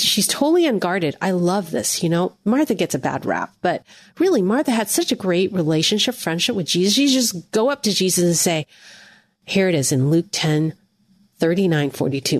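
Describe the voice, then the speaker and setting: A woman giving an earnest devotional teaching, speaking gently to the listener as a friend. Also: fairly low pitch, slightly rough, no echo, clean studio sound.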